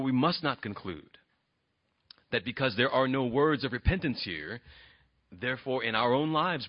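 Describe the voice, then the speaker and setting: Earnest husky-voiced male preacher. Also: a little high. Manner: earnest, swings between soft and emphatic. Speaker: pastor. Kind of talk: sermon. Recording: dull lo-fi sound.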